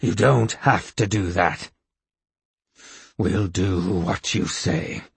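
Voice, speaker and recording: A man voicing a flustered, protesting male board chairman in an audiobook, his voice husky. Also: low voice, takes it slowly, no echo, heavily acted. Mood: alarmed. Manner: alarmed, protesting.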